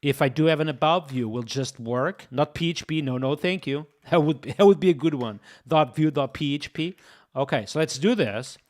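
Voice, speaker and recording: A man's voice: a little high, moderate pace, a little mellow. A young man live-streaming while he codes, thinking aloud, repeating himself and talking straight to his chat. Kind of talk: casual live-stream commentary.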